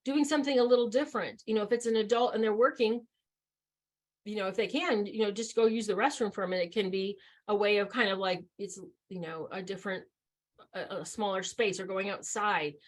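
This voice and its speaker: A woman's voice: mid-range voice, brisk. A woman giving a training session in a conversational way, with many fillers and restarts.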